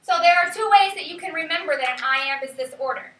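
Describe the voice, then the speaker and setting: Woman teacher, high voice, sing-song on key words, echoey room, distant mic. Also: fast talker, a bit bright. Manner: sing-song calling out of words to mark syllable stress. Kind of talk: classroom teaching. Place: classroom. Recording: echoey classroom, mic far off.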